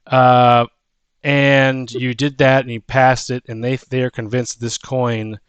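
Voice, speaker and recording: A man's voice: medium pitch, little pitch movement, slow pace, clean tone, no room sound. A man running a tabletop game as game master, narrating with frequent ums and restarts.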